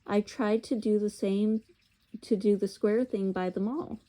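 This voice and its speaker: A woman voicing a humble male London cabbie with a Cockney accent, talking slowly and hesitantly. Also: medium pitch, fairly even intonation, mellow, lightly acted. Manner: hesitant, slow, self-effacing.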